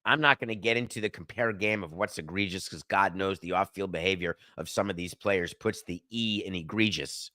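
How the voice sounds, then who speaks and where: A man's voice: low voice, a little fast, few pauses, bright, forceful tone, dry recording, studio quality. A middle-aged man hosting a sports podcast, delivering an emphatic, sardonic opinion monologue and arguing with himself. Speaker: podcast host.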